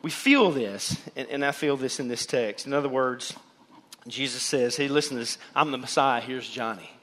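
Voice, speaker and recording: A man preaching a sermon to his church as pastor, animated, and he acts out the voices of the people in the pews. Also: mid-range voice, normal speed, a little hiss or hum. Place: church sanctuary.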